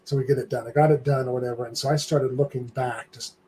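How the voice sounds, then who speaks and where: An older man chatting on a live stream, spinning a lively anecdote and slipping into the voices of the people in it. His pitch sits in a middle range, and a faint hiss runs beneath his voice. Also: fast talker, low-quality recording. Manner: animated storytelling, acting out quoted voices. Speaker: guest. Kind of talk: casual live-stream chat.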